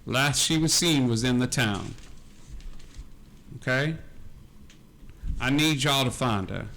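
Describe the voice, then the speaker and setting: A woman's voice: extremely low pitch, animated, takes it slowly, a bit bright, heavily acted. A man voicing an ancient, bawdy woman who leads a traveling camp, talking in a folksy drawl full of "y'all.". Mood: earnest.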